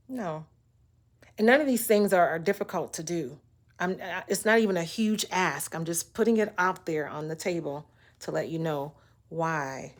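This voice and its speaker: A woman's voice: low-pitched, creaky. Blunt, emphatic woman vlogger ranting. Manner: repeats words when fired up. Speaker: vlogger giving relationship talk. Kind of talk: casual monologue to camera.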